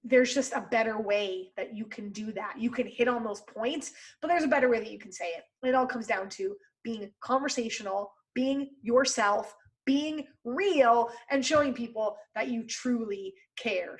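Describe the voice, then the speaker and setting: A woman hosting her own podcast, giving casual and encouraging sales advice in a conversational way. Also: high-pitched. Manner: conversational and encouraging, lots of fillers. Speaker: podcast host and sales coach.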